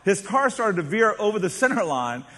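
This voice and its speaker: A man preaches from the pulpit, his voice sitting a little high for a man. He tells stories with drama, dropping to a hush and then rising to a shout, while a long reverb trails off in a large church hall. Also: big pitch swings, moderate pace. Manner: dramatic storytelling, swings from hushed to shouting. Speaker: pastor. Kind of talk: sermon.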